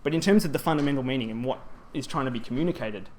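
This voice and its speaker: Guy doing a conference grammar talk, lots of ums and restarts, medium pitch, bit of faint background noise. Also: racing. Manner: explanatory, frequent ums and self-corrections. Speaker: presenter at a language teaching symposium.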